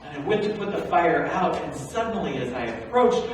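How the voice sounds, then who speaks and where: A male pastor preaching a sermon as a first-person Bible story, animated and swinging from hushed to loud. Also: a little high, normal speed, slight background noise. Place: large church sanctuary. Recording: echoey hall, recorded from far off.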